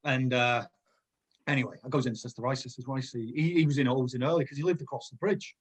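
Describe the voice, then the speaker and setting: A middle-aged man, a former footballer, casually telling animated anecdotes as a podcast guest and laughing often. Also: medium pitch, quick pace, breathy edge. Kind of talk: casual storytelling.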